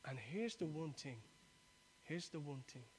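A man, preaching a sermon that swings from loud exhortation to quiet, intimate appeal. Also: fairly high pitch, animated, a little slow, slight background noise.

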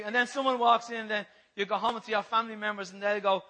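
A man preaching a sermon, impassioned and repetitive, moving between loud passages and hushed ones. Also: sits high, fairly even intonation, fast, few pauses, poor audio.

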